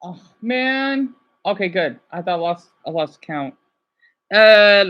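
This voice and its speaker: A woman chatting casually to her viewers in an excitable way, often stumbling over words as she goes. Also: medium pitch, slow, dull audio. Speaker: vlogger.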